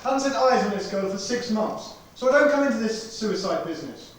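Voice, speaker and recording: A man rehearsing a stage play as a guilty young fiancé, defensive and hushed. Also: high voice, animated, a little fast, recorded from a distance. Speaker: amateur stage actor. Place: rehearsal hall. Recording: echoey hall recorded from afar, noisy.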